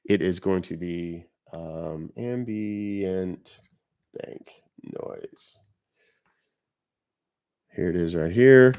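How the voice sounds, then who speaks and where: Middle-aged male streamer, lowish voice, loose and profane, nursing a cough. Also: very slow, pauses often, darkish tone, no echo, studio quality. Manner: loose, joking, swears freely. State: coughing and sniffling. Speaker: livestream host baiting scammers. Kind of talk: casual live-stream chat.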